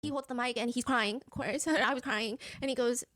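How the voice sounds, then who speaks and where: A woman host telling a casual, animated story recap, acting out the people she describes. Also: on the high side, brisk, no echo, clean studio sound. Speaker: host recapping a dating show.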